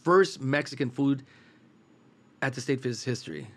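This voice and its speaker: A man from East Los Angeles tells long, relaxed stories about cooking, his voice sitting at an ordinary middle pitch. He rambles comfortably from one anecdote to the next and acts out the quoted dialogue. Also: normal speed. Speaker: guest, food truck cook. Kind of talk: casual storytelling.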